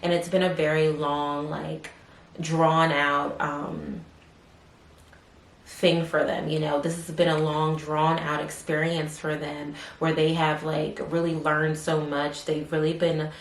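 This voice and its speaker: A woman doing a casual tarot reading, rambling with many fillers and softly murmuring questions to spirit between cards. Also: deep voice, level tone, takes it slowly. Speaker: tarot reader. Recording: roomy echo, faint background hiss.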